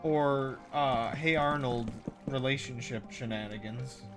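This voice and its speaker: A tired man streaming and chatting, crackly-voiced, rambling along in a slow, meandering way, full of fillers and self-interruptions. His pitch is mid-range, with light music in the background. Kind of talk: casual stream chat.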